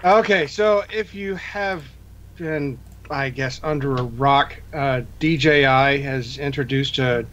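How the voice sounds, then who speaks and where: A man presenting the drone news segment, reading sponsor copy and news in a steady, matter-of-fact way. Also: medium pitch, slow, a little hiss or hum. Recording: dull lo-fi mic.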